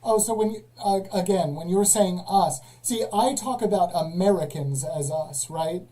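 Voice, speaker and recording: A man's voice: high-pitched, normal speed, dark tone, poor audio. A man hosting a live call-in stream, questioning callers in a dry, sarcastic way. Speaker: livestream host. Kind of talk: casual live call-in chat.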